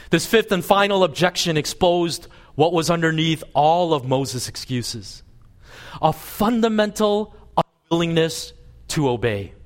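Animated man preaching a sermon. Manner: animated storytelling, voicing God and Moses with lively pitch swings. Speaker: pastor. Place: church service.

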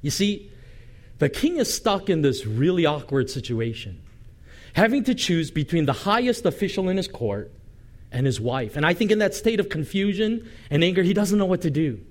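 Animated man preaching a sermon. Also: high voice, normal speed. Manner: dramatic, animated storytelling with asides and light humor. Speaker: pastor. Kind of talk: sermon with expressive scripture reading.

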